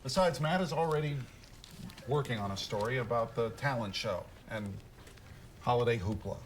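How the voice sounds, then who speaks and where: An actor playing a stern, dismissive teacher who advises the school paper. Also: male voice, medium pitch, normal speed, a little hiss or hum, close to an everyday voice.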